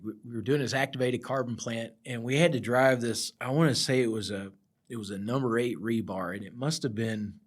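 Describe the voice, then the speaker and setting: A middle-aged man, a project surveyor, telling rambling work stories in a casual chat, laughing often. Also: fairly low pitch. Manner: laid-back rambling storyteller, laughs often. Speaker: project surveyor, podcast guest.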